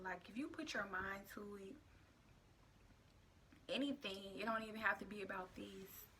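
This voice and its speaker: Young woman, hushed, half-whispered storytelling. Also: medium pitch, little pitch movement, normal speed, background noise. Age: young adult. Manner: casual, many "like" fillers. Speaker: vlogger. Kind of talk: personal storytime vlog.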